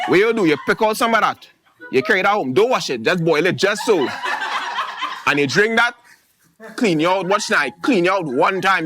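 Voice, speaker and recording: A man's voice: sits high, pushed and bright, voice pushed up. A man putting on an older Trinidadian bush-medicine healer who pushily rattles off folk remedy instructions.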